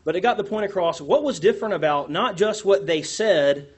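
A man leading a church class discussion, asking the group questions in an animated, self-deprecating way. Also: sits high, fairly quick, slightly rough.

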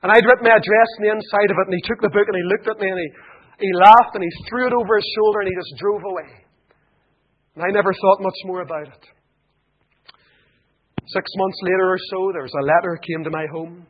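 A fervent Irish preacher with a high-pitched voice delivering an evangelistic sermon. He swings from loud, ringing appeals to quiet pleading. The recording sounds dull and lo-fi. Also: fast talker, slightly rough. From Ireland. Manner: fervent, rising to loud emphatic appeals and dropping to hushed pleading.

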